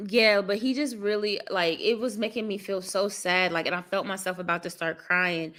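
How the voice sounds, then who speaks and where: A woman's voice: mid-range voice, fairly even intonation, moderate pace, a bit bright. A woman vlogger chatting candidly with her live viewers, venting with lots of fillers and calling them y'all. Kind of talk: casual chat with live viewers.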